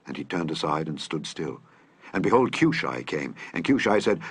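A man reading scripture aloud in a measured, solemn manner. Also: rumbling low, big pitch swings, breathy edge, no room sound. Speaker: scripture reader.

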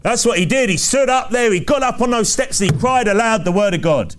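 A man with a notably high voice delivers a sermon in a forceful, repetitive cadence. He hammers his points home again and again and throws rhetorical questions out to the congregation. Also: expressive, a little fast, slight background noise. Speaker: preacher.

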